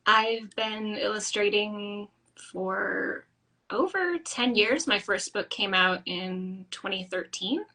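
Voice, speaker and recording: A woman from the American Midwest joins by video call as a guest. Her voice is crisp and bright. She talks modestly about herself with frequent easy laughs. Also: medium pitch, slow, low-quality recording. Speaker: guest illustrator. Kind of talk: casual interview.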